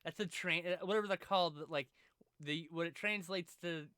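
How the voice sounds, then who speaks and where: Bright, smooth-voiced chatty co-host. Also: mid-range voice, fairly quick, no echo, clean studio sound. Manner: rambling, profane, restarts often. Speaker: podcast co-host. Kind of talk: casual chat.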